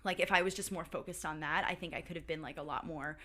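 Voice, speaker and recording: A woman's voice: low voice, steady tone, fast talker, fairly bright tone. A woman in her thirties, a podcast guest chatting casually and telling stories, filling her talk with "like". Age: 30s. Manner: chatty storyteller, heavy use of "like". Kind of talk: casual interview chat.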